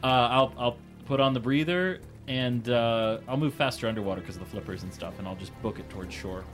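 A man's voice: mid-range voice, a little fast, fairly bright tone, soft background music. A man playing a tabletop game, joking and laughing often. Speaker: player.

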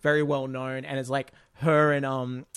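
A man co-hosting a podcast, in casual chat, retelling a film in an animated, exasperated way with rambling asides. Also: medium pitch, moderate pace, smooth. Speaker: podcast co-host.

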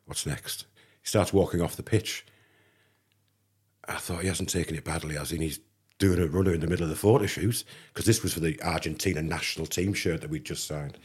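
A man's voice: low-pitched, brisk, husky. A middle-aged man from England, a podcast guest, telling a casual anecdote and acting out the dialogue. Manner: animated anecdote teller, acts out dialogue. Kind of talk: casual storytelling.

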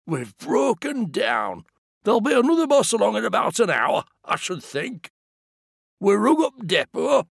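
A gruff, hefty bus conductor, voiced by a man. He speaks slowly and huskily, his pitch leaping high and low, in clipped dialect phrases. The sound is dry and close. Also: very animated, no room sound, exaggerated voice. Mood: matter-of-fact.

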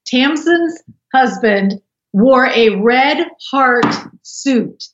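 A woman guest telling a story in casual podcast chat, in a lively way. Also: sits high, very slow. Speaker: interview guest. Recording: echoey, muffled, noisy remote call.

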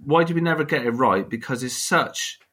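A Bristolian man guesting on a podcast, rambling good-naturedly through his thoughts. His voice is bright and forward, and he sits at an ordinary middle pitch. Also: animated, fairly quick, husky. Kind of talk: casual podcast chat.

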